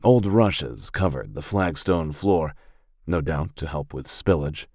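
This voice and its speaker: Low-voiced male audiobook narrator. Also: slow pace, dry recording, clean studio sound. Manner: steady, even storytelling. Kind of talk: scripted narration.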